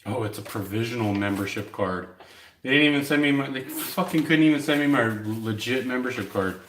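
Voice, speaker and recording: A man's voice: mid-range voice, a little fast, echoey room, a little hiss or hum. A young man rambling casually to his viewers, swearing freely as he chats about his day. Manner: rambling, profane, chatty. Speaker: vlogger.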